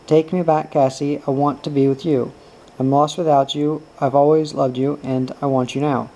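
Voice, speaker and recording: A man reading the part of a smooth-talking, self-pitying former lover who wheedles and pleads. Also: a little high, flat delivery, normal speed, dark tone, close to an everyday voice, poor audio. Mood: pleading.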